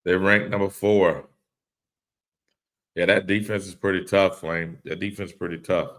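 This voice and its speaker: A man's voice: low voice, level tone, normal speed, fairly bright tone. A man hosting a casual live-stream podcast, reading chat comments aloud and laughing along in a laid-back way.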